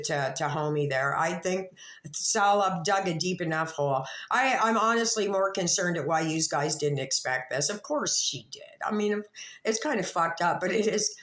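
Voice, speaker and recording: A woman whose voice is on the low side and a bit bright offers casual YouTube commentary that rambles, with free swearing and frequent restarted sentences. The recording has an echoey room sound.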